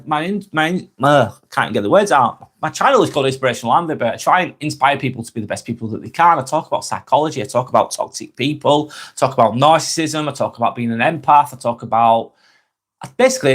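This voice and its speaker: Northern English man, Lancashire accent, mid-pitched, casual live-stream host, chilled and chatty, tails off at line ends. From Northwest England. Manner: laid-back and friendly, trails off quietly at phrase ends, stumbles over words. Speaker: vlogger hosting a live stream. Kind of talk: relaxed live chat, reading out comments.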